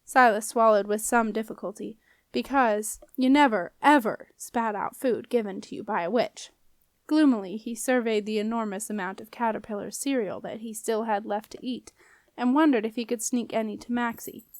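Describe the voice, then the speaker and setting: A woman reading a children's fantasy novel aloud in an even, measured storytelling voice. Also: fairly high pitch, no room sound. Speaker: audiobook reader. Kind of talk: audiobook narration.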